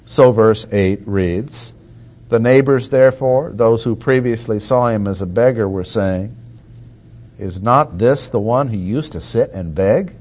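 A man preaching an expository sermon, reading verses aloud and repeating key points with deliberate emphasis. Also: lowish voice, a little mellow.

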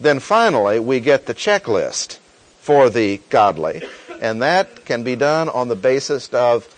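A man's voice: medium pitch, very animated, unhurried, low-quality recording. A man teaching a sermon as pastor, going through a scripture chapter verse by verse and laying out numbered points in order. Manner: methodical, outlining points and verses. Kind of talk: expository Bible teaching.

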